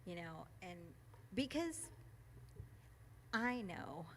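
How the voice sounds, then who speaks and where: A woman reads a passage in a church meeting room and reflects on it for the gathering, emotional, quick to laugh, and full of ums and restarts. Her mid-range voice has a sing-song lilt, and there is slight background noise.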